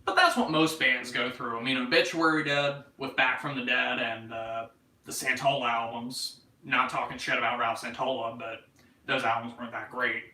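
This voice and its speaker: A man's voice: medium pitch, pushed and bright, reverberant, distant mic, low-quality recording. A man in his twenties with a North Carolina Southern accent, hosting a casual livestream chat, rambling, joking and swearing as he reads comments. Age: 20s. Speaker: livestream host.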